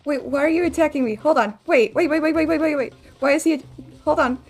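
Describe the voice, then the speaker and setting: Speaking quickly in a high voice, a woman chats and rambles during a casual gaming livestream. She laughs a lot as she plays.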